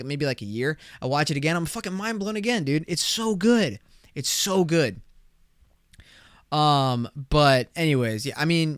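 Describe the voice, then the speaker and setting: A young man hosting a casual solo podcast, rambling excitedly with slang and swearing. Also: medium pitch, smooth, dry recording, clean studio sound. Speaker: podcast host.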